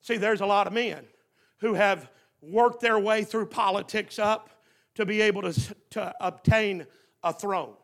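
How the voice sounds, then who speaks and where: Gravelly high-voiced preacher, shouting at peaks. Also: male voice, measured pace. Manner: swings from quiet talk to shouted preaching, repeats words. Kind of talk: fiery revival sermon.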